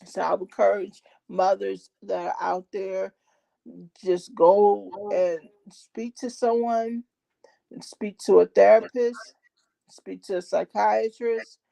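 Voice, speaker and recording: Woman guest with a gravelly edge. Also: medium pitch, steady tone, slow pace, warm tone. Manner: heartfelt, openly personal, with frequent ums. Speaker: interview guest, podcaster. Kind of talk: candid personal conversation.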